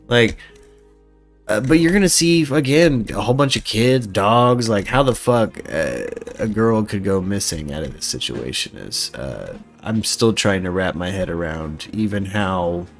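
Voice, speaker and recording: A man's voice: on the low side, lively intonation, unhurried, soft background music. A man hosting a live podcast in a casual, rambling, profane style, chatting with callers. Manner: profane, rambling, laid-back. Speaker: podcast host. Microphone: desk microphone with noise suppression.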